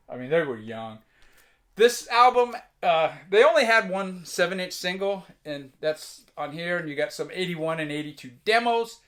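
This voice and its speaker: A relaxed man with a fairly high voice talks loosely through his record collection, cracking offhand jokes as he goes. His delivery is casual and unpolished, like a chat with friends. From United States. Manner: laid-back, chatty, offhand jokes. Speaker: vinyl collector vlogger. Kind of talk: casual record show-and-tell.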